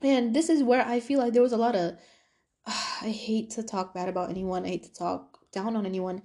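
A woman's voice: on the high side, moderate pace. Chatty young woman podcaster. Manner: animated, talkative, many fillers. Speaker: podcast host. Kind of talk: casual storytelling monologue.

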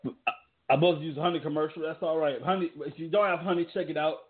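A man rambles through wrestling talk and ad reads in an emphatic, loose way. His voice sits a little high. The audio is thin and tinny, like it came over a phone line. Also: steady tone, fast talker. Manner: loose, emphatic, repetitive rhetorical questions. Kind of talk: casual commentary with ad reads.

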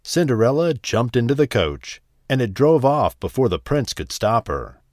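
A man reading a fairy tale aloud with a measured, expressive storybook delivery. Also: medium pitch, no echo, soft background music. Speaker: narrator. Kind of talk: storybook narration.

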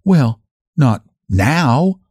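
A man's voice: mid-range voice, sing-song, extremely slow, darkish tone, husky, dry recording, studio quality, pitched above the performer's own voice, heavily acted. A man doing a timid sheriff's wife. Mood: haunted. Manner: hesitant, shrinking.

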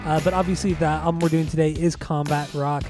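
A man's voice: fairly high pitch, flat delivery, a little fast, over music. A young man co-hosting a casual chat, stumbling over names and laughing easily. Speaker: podcast co-host.

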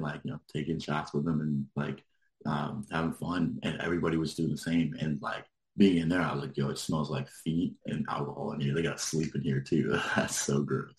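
A man's voice: extremely low pitch, darkish tone, reverberant. A man telling a story in casual chat, rambling and full of filler words, laughing now and then. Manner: rambling, lots of likes, laughs while telling.

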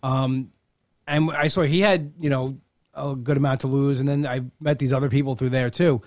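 A man's voice: medium pitch, steady tone, moderate pace, a little mellow, dry recording, clean studio sound. A man hosting a casual conversation, telling rambling, self-deprecating stories.

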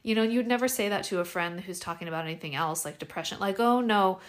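A woman's voice: lowish voice, fast talker. A young adult woman hosting a podcast, talking casually and animatedly with lots of fillers and restarts. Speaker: podcast host.

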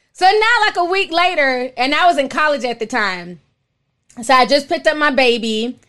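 A Minnesota woman runs a live stream, chatting casually, telling stories and reading out viewer messages. She's animated, exclaims often, calls her listeners "honey," and her voice sits high.

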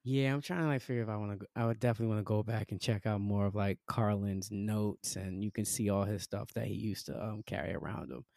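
Brief: low-voiced male comedian guest, dry close mic, hyped and slangy. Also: steady tone, fast talker, vocal fry, few pauses, darkish tone, no room sound. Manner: enthusiastic, profane slang. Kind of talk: casual chat.

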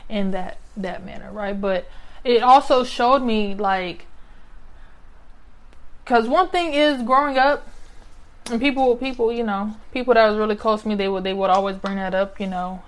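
A woman's voice: medium pitch, moderate pace. A young adult woman talking casually and reflectively to her listeners, often ending a point with "right?". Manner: conversational, often adds "right?" as a tag. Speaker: speaker sharing personal reflections.

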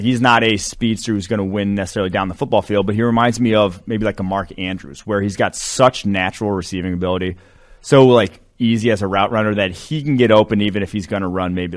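A man co-hosting a sports podcast, talking loosely and rambling with lots of fillers. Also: lowish voice. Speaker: podcast co-host, draft analyst. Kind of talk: casual sports podcast chat.

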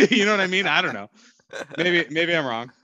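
A man's voice: on the high side, lively intonation, normal speed, pushed and bright, no echo, highs cut off. A man co-hosting a casual sports podcast, rambling and joking, often hedging with "I don't know.". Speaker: podcast co-host.

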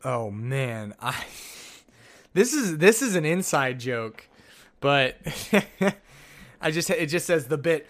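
A man's voice: fairly high pitch, sing-song, slow pace, long pauses, fairly bright tone. A man hosting a solo podcast, chatting casually and rambling through old notes with jokey asides. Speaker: podcast host.

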